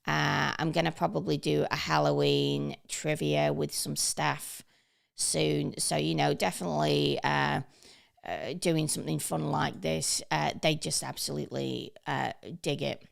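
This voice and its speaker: A woman's voice: low-pitched, little pitch movement, a little slow, vocal fry. A woman giving a casual, chatty tutorial, upbeat and full of ums and uhs. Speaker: online training presenter. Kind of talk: casual screen-share tutorial.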